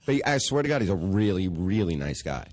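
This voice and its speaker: A man co-hosting a podcast, telling stories in a fast, profane, casual way with quoted asides. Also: low voice, very animated, darkish tone. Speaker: podcast co-host. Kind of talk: casual chat. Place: in Los Angeles.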